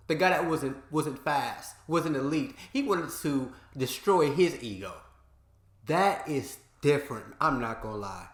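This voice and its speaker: A man's voice: on the high side, lively intonation, unhurried. A man hosting a reaction video in casual chat, slangy and repeating his points for emphasis. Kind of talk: casual commentary. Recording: roomy echo.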